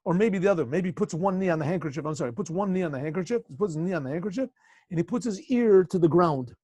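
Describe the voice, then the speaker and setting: A man, a rabbi, telling a story in a casual lesson, often clearing his throat, over a video call. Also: high-pitched, animated, rapid-fire, a little mellow, dry recording.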